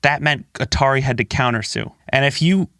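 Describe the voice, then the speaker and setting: A man's voice: mid-range voice, brisk, fairly bright tone, no echo, studio quality. A man co-hosting a casual podcast, telling a story with jokes and swearing. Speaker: podcast co-host.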